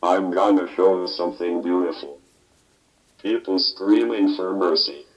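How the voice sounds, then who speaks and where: A very deep male speech-synthesizer voice standing in for a menacing robot, run through a metallic flanger effect and reverb, with a flat mechanical delivery. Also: measured pace, a crowd in the background. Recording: dull lo-fi speaker playback.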